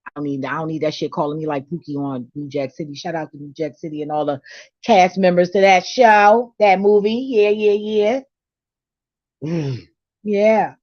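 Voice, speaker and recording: A woman's voice: on the low side, normal speed, no room sound. A middle-aged woman vlogging in a hyped, profane, laughing casual monologue. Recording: dull, dry lo-fi recording.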